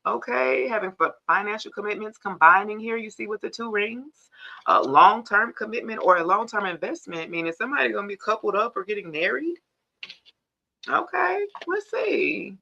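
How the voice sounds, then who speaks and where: A woman's voice: mid-range voice, expressive, normal speed, creaky, sharp tone. A woman hosting a casual live tarot reading, chatting straight to viewers and calling them y'all, on dull lo-fi stream audio.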